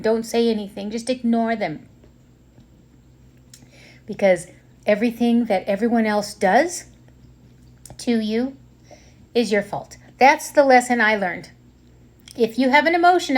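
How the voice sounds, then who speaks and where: A woman in her fifties speaks in a personal, reflective monologue with a middle-pitched voice. She talks candidly and with feeling, often pausing, breaking off and restarting her sentences. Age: 50s. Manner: candid, emotional, with pauses and restarts. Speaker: vlogger.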